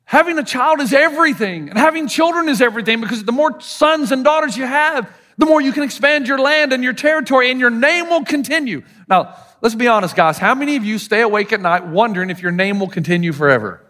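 This pastor talks fast in a very high voice, barely pausing. He's a middle-aged man from the American South, and his sermon is full of lively stories where he voices the people he quotes.

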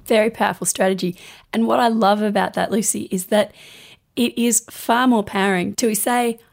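Upbeat woman co-host, emphatic delivery, some vocal fry. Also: mid-range voice, fairly even intonation, normal speed. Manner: upbeat, emphatic, laughs easily. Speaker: podcast co-host. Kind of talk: casual conversational advice.

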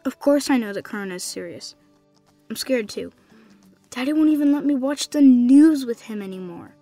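A woman's voice: sits high, expressive, moderate pace, warm tone, dry recording, soft background music. A woman playing a bubbly, playful young boy. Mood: apologetic. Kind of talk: audio drama acting.

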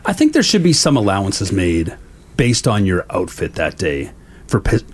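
A man's voice: deep voice, huge pitch swings, moderate pace, breathy edge. A man co-hosting a radio show with wry quips. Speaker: radio co-host. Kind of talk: casual chat.

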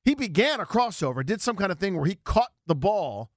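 A man's voice: sits high, a little fast, no echo, clean studio sound. Self-mocking man hosting sports talk radio. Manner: storytelling, self-deprecating, animated. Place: radio studio.

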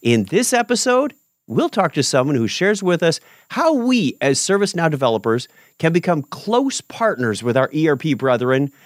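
Upbeat, lively male podcast host. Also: on the high side, moderate pace, no room sound, clean studio sound. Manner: upbeat, animated, self-correcting. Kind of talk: podcast hosting, scripted intro then casual chat.

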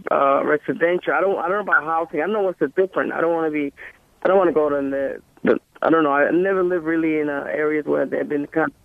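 A gravelly, higher-voiced man in his sixties with a New York accent, calling in over a tinny, dry phone line. He talks haltingly and often restarts his sentences. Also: no echo. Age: 60s. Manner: hesitant, halting, many restarts. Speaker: caller. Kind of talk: calling in to a radio show.

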